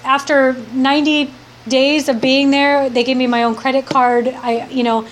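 A woman shares her recovery story as a heartfelt personal testimony before a live audience, rambling and restarting often. Her voice sits high with little pitch movement, at normal speed, with slight background noise.

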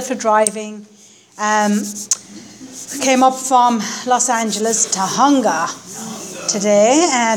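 A woman's voice: fairly high pitch, a little hiss or hum. A woman with an Irish accent, a guest speaker telling her life story at a meeting into a stand microphone, wry and self-mocking. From Ireland. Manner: wry, self-deprecating storytelling with acted quotes. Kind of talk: personal story talk at a recovery meeting.

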